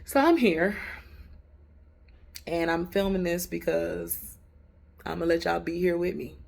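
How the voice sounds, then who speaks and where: A woman's voice: lowish voice, unhurried, creaky, darkish tone. A woman telling her faith story in a casual vlog from a hotel room, chatty, candid and emphatic, laughing often. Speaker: vlogger.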